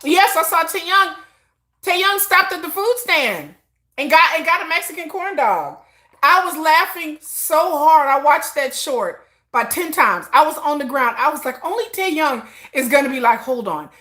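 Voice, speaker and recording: Woman livestream host, bright and slightly high voice, chatty storyteller who acts out quotes. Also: measured pace. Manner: animated storytelling, acts out quotes, laughs often; self-described shy introvert. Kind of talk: casual chat.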